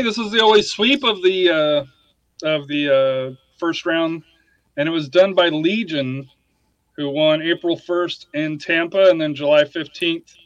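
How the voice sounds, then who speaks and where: A man's voice: fairly high pitch, a bit bright, no room sound. Man with filler-heavy stats talk. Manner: reads off stats with many fillers. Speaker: podcast host. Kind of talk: casual sports chat.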